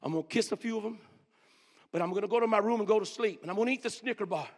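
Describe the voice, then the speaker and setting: A pastor preaching a storytelling sermon, swinging between loud outbursts and hushed near-whispers. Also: male voice, sits high, racing. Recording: long reverb of a large hall.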